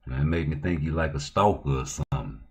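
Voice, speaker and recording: A man with a low, deep voice hosts a casual livestream. He talks in loose, profane, slang-heavy banter and keeps pushing into heated, loud outbursts. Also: fast talker. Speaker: livestream host.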